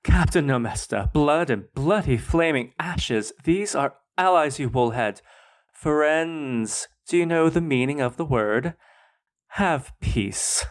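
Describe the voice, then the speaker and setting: A man's voice: mid-range voice, moderate pace, few pauses, a little mellow, natural voice. A man voicing a haughty young queen who scolds her captain, as he reads a story aloud. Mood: scolding. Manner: imperious, scolding.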